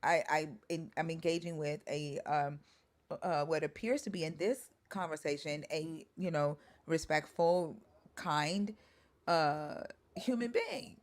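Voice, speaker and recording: A woman's voice: low voice, a little slow. A woman in a group discussion who challenges the other side with pointed, probing questions. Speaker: discussion participant.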